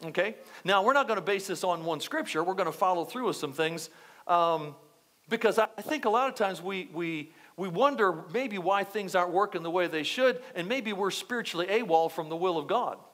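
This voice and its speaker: Male pastor, high voice, lively repetitive church sermon. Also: brisk. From United States. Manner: animated, repetitive preaching with asides to the congregation.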